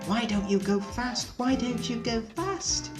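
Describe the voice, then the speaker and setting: Man voicing anxious coach ladies, very high, squeaky, fretful, storybook. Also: animated, a little slow, over music. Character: two anxious female railway coaches, shrill.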